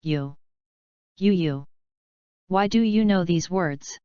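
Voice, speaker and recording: A woman's voice: on the low side, slow, mellow, clean tone, no echo, highs cut off. A woman voicing a panicked young captive. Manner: panicked, pleading. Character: frightened young man, captive son. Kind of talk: audiobook reading.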